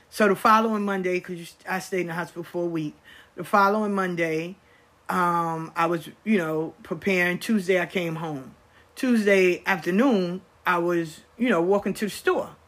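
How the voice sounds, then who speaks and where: A woman's voice: on the low side, a bit bright. Emphatic woman talking casually to camera. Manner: emphatic, repeats phrases, quotes people in conversation. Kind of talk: casual monologue.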